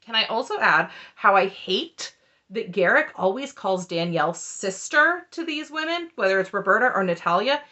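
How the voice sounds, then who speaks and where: A woman's voice: medium pitch, animated, moderate pace, pushed and bright. A woman hosting a casual, chatty recap with snarky asides. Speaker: recap host. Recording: muffled lo-fi audio.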